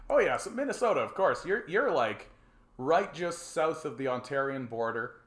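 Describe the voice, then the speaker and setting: A Canadian man hosts a casual call-in livestream, his voice a little high with big swings in pitch, a little slow, and full of frequent pauses in a reverberant space. He rambles and jokes, swearing a lot, with plenty of fillers and restarts.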